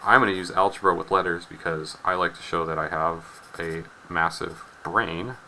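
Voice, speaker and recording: Wry deep-voiced man teaching chemistry. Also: steady tone, moderate pace, bright, forceful tone, a little hiss or hum, rough recording. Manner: wry storytelling, acts out students' voices. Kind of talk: recorded chemistry lesson with anecdote.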